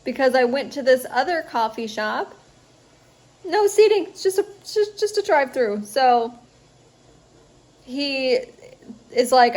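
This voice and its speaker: A young adult woman, a student vlogger, tells a rambling story in a casual storytime vlog at home, chatty, full of fillers, and sounding tired. Her voice is a little high and darkish in tone, animated yet at a moderate pace, with long pauses.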